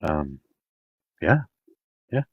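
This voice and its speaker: A man's voice: extremely low pitch, big pitch swings, drawn-out words, breathy edge, no echo, dull audio. A man hosting a casual political debate, blunt and pressing his questions over and over. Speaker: debate show host.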